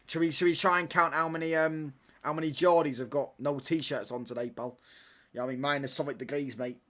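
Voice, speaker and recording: A man's voice: a little high, fairly even intonation, fast, fairly bright tone. A young man hosting a live football watch-along, teasing his chat with cheeky banter, laughing often and ending lines with mate or pal. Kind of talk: live casual chat over a match.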